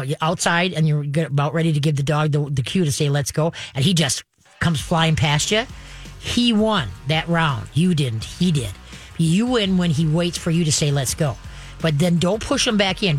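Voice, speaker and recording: A woman's voice: deep voice, no echo. A woman hosting a radio show as a dog trainer, giving step-by-step coaching, often checking in with "okay" and "all right". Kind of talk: instructive radio advice.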